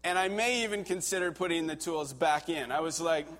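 A middle-aged pastor with a voice pitched a little high for a man. He preaches by telling a story in a relaxed, conversational way, full of fillers and asides, and grows animated as the tension builds. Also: brisk. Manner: conversational storytelling, animated when reliving panic. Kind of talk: sermon with personal story.

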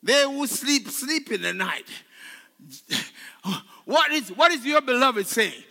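A male pastor preaching a sermon, leading his congregation in call and response and swinging between loud shouts and hushed tones. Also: extremely high pitch, animated, slow pace, creaky, in a large hall. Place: church sanctuary.

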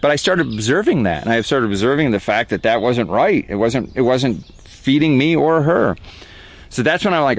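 A man speaking as the guest artist in a reflective interview, earnest and growing animated when he makes a point. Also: mid-range voice, normal speed, no room sound, rough recording.

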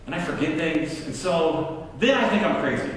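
Animated preacher in an echoing hall. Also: male voice, on the high side, normal speed, a little hiss or hum. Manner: animated, acts out his own anger in quoted lines. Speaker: pastor. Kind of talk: storytelling sermon. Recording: roomy hall, mic at a distance.

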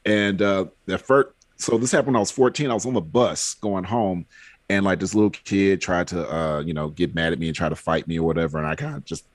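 A man's voice: deep voice, steady tone, fairly quick, no room sound. A man chatting on a podcast, telling rambling personal stories with frequent fillers. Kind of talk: casual podcast chat.

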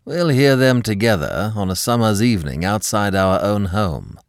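A fond young husband, warm and gently teasing, his voice lifting with eager feeling, as a man reading the story puts him on. The storybook reading is close and dry. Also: lowish voice, lively intonation, normal speed, no room sound. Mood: affectionate.

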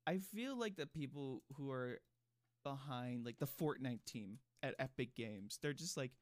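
A man's voice: mid-range voice, lively intonation, measured pace, no echo. Casting: male podcast co-host, casual and rambling, dry close sound. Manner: rambling, filler-heavy storytelling. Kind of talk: casual chat.

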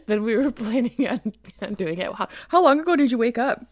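A woman's voice: on the high side, sing-song, normal speed. A woman co-hosting a podcast in casual, rambling chat, giggling and swearing freely, in her just-woken morning voice. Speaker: podcast co-host.

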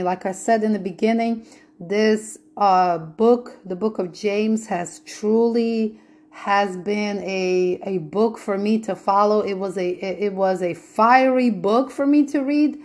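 A woman's voice: mid-range voice, a little mellow. A woman giving a podcast Bible teaching in an earnest way, repeating her points and asking rhetorical questions.

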